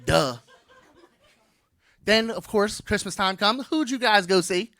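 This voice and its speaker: A man's voice: high-pitched, expressive, slow, pushed and bright, no echo. A man in his thirties doing a brash, playful stand-up comedy set on stage, teasing the crowd.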